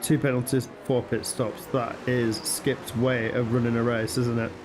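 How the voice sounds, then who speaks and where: Bantering northern English race commentator. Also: male voice, mid-range voice, moderate pace, music in the background. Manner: chatty, bantering, excitable at crashes.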